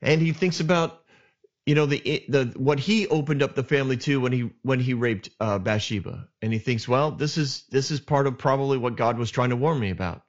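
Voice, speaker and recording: A man hosts a storytelling podcast and retells scripture as a casual chat. He slips into quick acted lines for the characters. His mid-range voice comes through a dull, lo-fi recording. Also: mid-range voice. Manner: animated retelling with acted asides. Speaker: podcast host retelling Bible stories. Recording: dull lo-fi sound.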